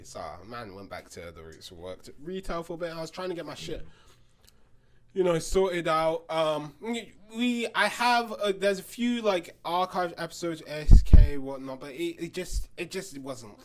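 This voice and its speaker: A man in his early twenties co-hosts a relaxed podcast conversation, his voice sitting high. He tells animated stories and slips into the voices of the people he quotes. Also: normal speed. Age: 20s. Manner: animated storyteller who acts out quoted voices. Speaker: podcast co-host. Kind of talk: casual podcast chat.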